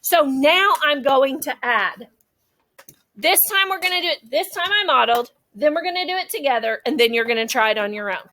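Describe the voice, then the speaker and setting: A young woman teaching a classroom phonics lesson, slowly modeling sentences and praising the children. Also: high-pitched, lively intonation, pushed and bright. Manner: slow, drawn-out modeling of sentences, encouraging.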